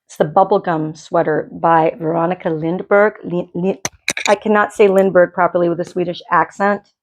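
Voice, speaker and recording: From her home dye studio, a knitting podcaster chats in a rambling, casual way and keeps restarting her sentences. She speaks briskly in a flat, low-leaning voice.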